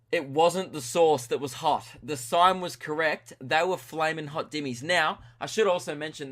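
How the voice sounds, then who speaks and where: An Australian podcast host delivers a rambling comic monologue, chuckling and slipping in self-mocking asides. His voice is a little high and a bit bright.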